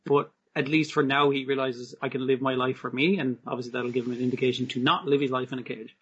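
A man's voice: medium pitch, level tone, quick pace, fairly bright tone, a little hiss or hum. A man, co-hosting a podcast, chatting casually about an anime and swearing freely. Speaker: podcast co-host. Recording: slightly dull lo-fi recording.

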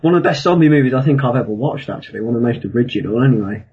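A man's voice: mid-range voice, animated, rapid-fire, breathy edge, narrow, tinny audio. A man talking about films in casual chat on a podcast, enthusiastic and laid-back.

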